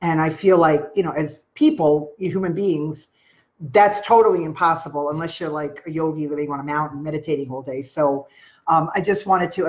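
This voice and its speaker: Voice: medium pitch, muffled recording. A live-stream host with a Long Island New York accent, talking casually and rambling to viewers with lots of filler words and greeting them by name.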